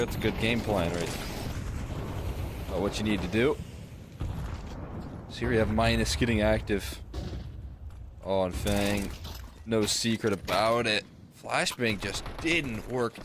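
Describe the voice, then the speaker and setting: A man giving relaxed, explanatory colour commentary on an esports match. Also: medium pitch, background noise.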